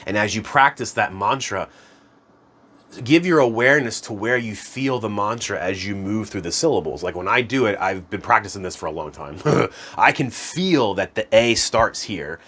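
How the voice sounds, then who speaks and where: A man's voice: fairly low pitch, expressive, moderate pace, fairly bright tone. A man giving a casual, rambling spiritual lesson to camera, laughing at himself and drifting into tangents. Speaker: spiritual self-improvement teacher. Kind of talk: casual instructional talk to camera.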